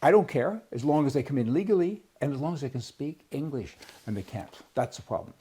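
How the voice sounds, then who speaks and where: A man's voice: mid-range voice, expressive, fairly quick, dark tone, breathy edge. A man from Canada giving a blunt, rambling opinion monologue, restarting his sentences and breaking into sudden exclamations. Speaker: political commentator.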